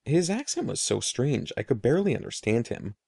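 A man reading a children's story aloud in an expressive, animated way. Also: medium pitch, brisk, vocal fry, husky, no echo, studio quality. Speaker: narrator.

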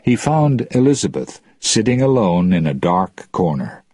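A man narrating an audiobook in a slow, deliberate, plain reading. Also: sits low, sing-song, a little mellow, slightly rough, no echo.

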